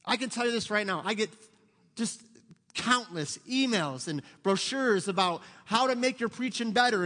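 A middle-aged pastor with a drawl delivers a sermon that feels like a conversation, full of humor and asides. His voice sits high for a man. It rings out with a long reverb through the church sanctuary. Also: normal speed, pushed and bright.

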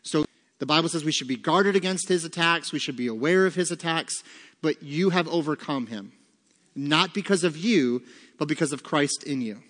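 In a large room with long reverb, a pastor teaches a Bible study to a congregation, delivering sermon-style lessons with fill-in notes. He is emphatic and poses rhetorical questions he answers himself, his slightly bright, higher voice moving at normal speed with lively intonation.

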